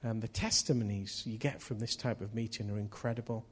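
A man's voice: on the low side, fairly even intonation, fairly quick, slightly rough. A man preaching a sermon in an earnest manner, often repeating key phrases.

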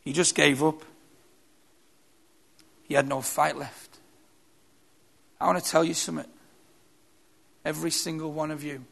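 Male preacher, gravelly, slightly high voice, emphatic repeating sermon style. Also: fairly even intonation, measured pace, long pauses, a bit bright.

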